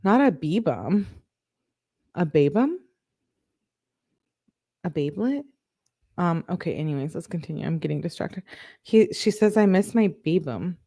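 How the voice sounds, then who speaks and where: A woman's voice: on the low side, a little slow, long pauses, slightly rough. A woman hosting a true crime channel, casually reading text messages aloud and breaking off with puzzled asides. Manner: reads texts flatly, breaks off with puzzled asides.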